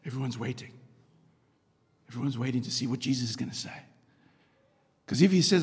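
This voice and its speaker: A middle-aged man preaching a conversational sermon, telling the story with rhetorical questions and a chatty, animated manner. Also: a little high, moderate pace, long pauses. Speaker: pastor. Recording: long hall reverb.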